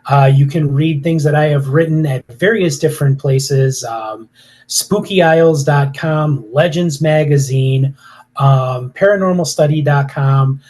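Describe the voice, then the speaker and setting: A man's voice: a little high, measured pace, darkish tone. A man chatting as a guest on a podcast interview, rambling and hesitant with many fillers. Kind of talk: casual interview chat.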